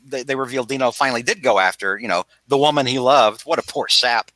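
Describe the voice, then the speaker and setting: A man hosting a casual podcast, recapping a comic book in a rambling, animated way with frequent restarts. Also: mid-range voice, quick pace, no echo. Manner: rambling, animated, self-interrupting storyteller. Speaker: podcast host.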